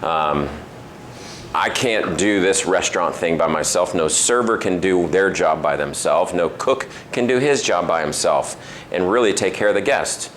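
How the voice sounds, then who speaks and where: A man's voice: sits low, measured pace, fairly bright tone, a little hiss or hum. A man who owns a restaurant gives a casual talk to a men's group, telling stories and acting out the voices of the people in them, with many fillers. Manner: storytelling, acts out quoted voices, many fillers. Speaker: restaurant owner giving a talk. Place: restaurant dining room.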